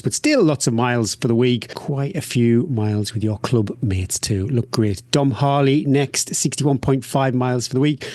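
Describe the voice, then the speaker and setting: A man hosting a podcast, reading out listener shout-outs in an upbeat, chatty way and laughing at himself. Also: mid-range voice, no echo. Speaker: podcast host.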